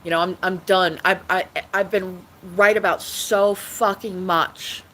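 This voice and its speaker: A woman's voice: on the low side, fairly even intonation, measured pace, pushed and bright, slight background noise, low-quality recording. A woman talking casually on her own livestream, rambling with many restarts and frequent swearing. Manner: rambling, repetitive, swearing often. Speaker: livestream host.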